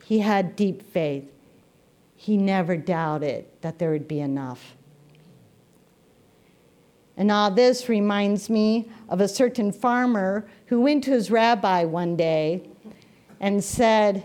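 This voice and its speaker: Slow-paced woman preaching a sermon. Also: mid-range voice. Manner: storytelling, gently humorous. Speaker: minister.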